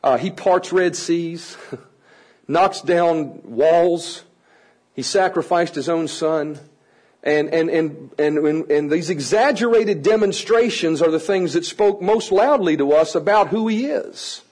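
A man teaching a room of adults how to work with children, energetic and playful, coaxing the audience to join in. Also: on the high side, takes it slowly, poor audio. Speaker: children's ministry trainer. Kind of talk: lively teaching talk to an audience.

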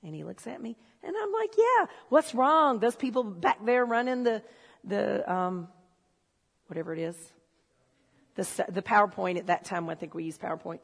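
A woman preaching a sermon in a church, telling stories and swinging from low, confiding talk to shouted excitement. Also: moderate pace, creaky, slightly rough. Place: church hall. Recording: long hall reverb.

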